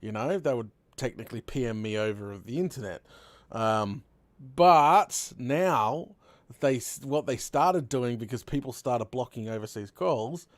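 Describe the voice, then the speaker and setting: A man's voice: mid-range voice, a little slow, dry recording. A young Australian man hosting a live stream, chatting casually and telling stories with frequent laughs. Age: young adult. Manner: chatty, laughs often, animated storytelling. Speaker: host streamer.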